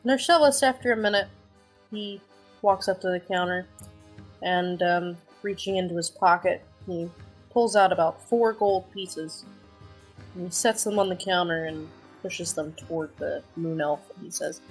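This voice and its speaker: A woman player calmly narrating her character's actions in a tabletop game. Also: fairly low pitch, moderate pace, soft background music, rough recording. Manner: calm, descriptive narration.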